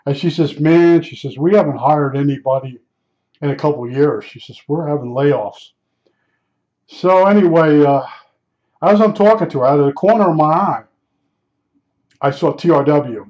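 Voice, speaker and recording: A man's voice: a little high, expressive, normal speed, long pauses, darkish tone. An older man from New Jersey telling a rambling personal anecdote in a casual, conversational way, full of fillers and restarts. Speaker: storyteller. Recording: dull lo-fi recording.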